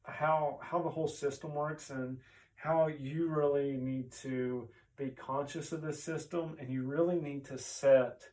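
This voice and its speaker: A man's voice: fairly high pitch, fairly even intonation, measured pace, darkish tone, distant mic, rough recording. A man, a chiropractor, explaining health ideas in a casual, conversational way, often checking in with "right?" and pointing to a chart as he goes.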